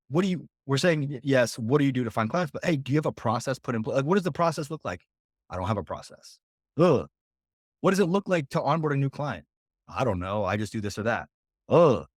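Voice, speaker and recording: A man's voice: mid-range voice, no room sound, clean studio sound. Direct-talking male business coach. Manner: casual, direct, acts out quick client dialogues. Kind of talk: coaching talk on a group call. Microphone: video call.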